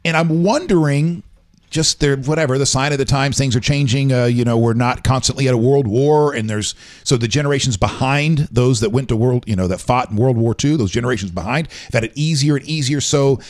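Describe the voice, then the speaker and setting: Southern-raised guy hosting a chat, mid-pitched voice, thinking things through out loud. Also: fairly quick. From small town in the US South. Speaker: host. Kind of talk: casual podcast chat.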